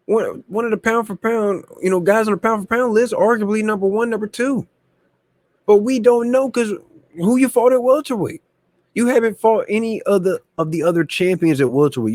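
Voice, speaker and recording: A man hosts a boxing talk channel in slangy, animated casual commentary. His voice sits a little high and sounds dry and close, with no room behind it. He often repeats himself as he builds a point. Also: normal speed, no room sound.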